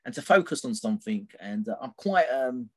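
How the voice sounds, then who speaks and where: This middle-aged podcast guest has a medium-pitched, expressive voice that's slightly quick and a bit bright, with a breathy edge. Telling a personal story, he wanders off track, uses lots of fillers, and keeps tacking "right?" onto his lines.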